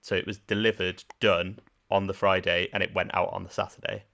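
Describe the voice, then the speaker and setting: A Birmingham-accented English podcast co-host talks fairly quickly in a low, flat, bright voice with vocal fry and a forceful tone. Chatty and given to easy laughter, he reads trivia facts about the production aloud.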